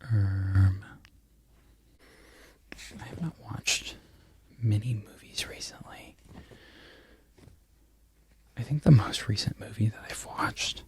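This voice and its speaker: A man in a whispered ASMR ramble who loses his train of thought and laughs softly at himself. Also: lowish voice, takes it slowly, pauses often. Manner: mostly unvoiced whisper. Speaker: crochet content creator.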